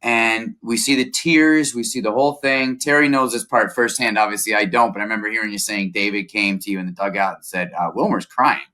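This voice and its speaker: A man's voice: lowish voice, fairly even intonation, brisk, few pauses, sharp tone. A man working as a baseball reporter, recounting events in a casual conversation with a lot of detail and frequent "uh"s.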